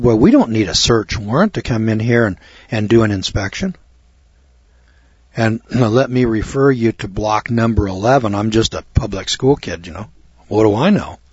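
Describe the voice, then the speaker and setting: A middle-aged man speaking at medium pitch in a slightly rough voice gives a folksy storytelling lecture to an audience. His story rambles and mocks himself, with repeated words, and it's captured on a dull, muffled, dry recording.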